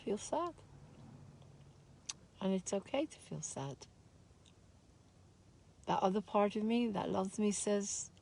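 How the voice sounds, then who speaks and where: A woman teaching a spiritual course in a slow, soft, heartfelt way, openly sad as she talks. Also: medium pitch, lively intonation, gravelly. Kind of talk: reflective spoken talk.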